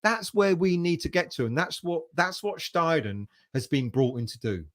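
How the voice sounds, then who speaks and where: A man's voice: fairly high pitch, expressive, normal speed. A man hosting a fan livestream, reading viewer comments aloud and chatting casually, with the odd bit of swearing. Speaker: fan channel host reading live chat.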